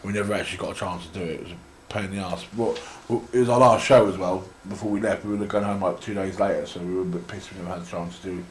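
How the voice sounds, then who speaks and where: A man's voice: sits low, fairly even intonation, rapid-fire, few pauses, slight background noise. A young English man telling long, rambling anecdotes in a casual interview, with frequent restarts. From England. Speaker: interview guest, wrestler. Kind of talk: casual storytelling. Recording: echoey room.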